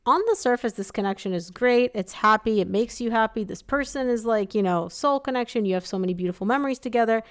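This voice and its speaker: A young woman talks through a tarot spread in a relaxed, conversational way. She sounds sympathetic and chatty and drops in plenty of casual fillers as she thinks aloud. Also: on the high side, quick pace, few pauses, smooth. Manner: chatty, empathetic, filler-heavy with frequent "like" and "um". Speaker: tarot reader. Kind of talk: casual live tarot reading.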